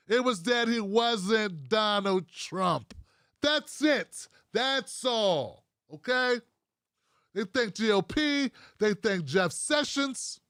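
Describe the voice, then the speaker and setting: Ranting with plenty of profanity, a US man hosting a political livestream reads out what viewers post in the live chat. His voice is high-pitched, a bit bright and clean-toned, captured at studio quality with no echo.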